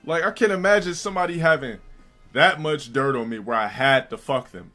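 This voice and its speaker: Casting: male streamer, profane animated storyteller, higher pitch. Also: fairly quick, faint music behind. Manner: profane and animated, with laughs and fillers. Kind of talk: crude storytelling rant.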